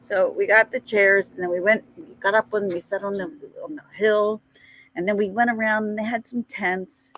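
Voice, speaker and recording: A middle-aged woman telling a rambling personal story in a casual vlog, chatty and animated. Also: moderate pace, lo-fi sound, slight background noise. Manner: chatty, rambling, animated with frequent jumps in pitch. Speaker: vlogger.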